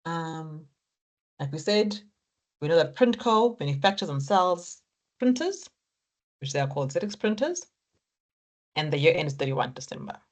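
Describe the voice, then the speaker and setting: A woman's voice: low voice, sing-song, moderate pace, long pauses. A woman lecturing students on exam technique, encouraging and repetitive as she talks them through each step. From Africa. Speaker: accounting lecturer.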